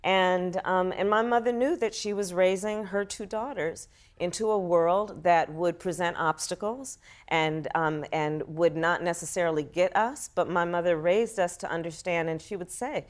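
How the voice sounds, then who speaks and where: A middle-aged woman speaking as a guest politician on a talk show, earnest and measured with fillers. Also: fairly low pitch. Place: television studio.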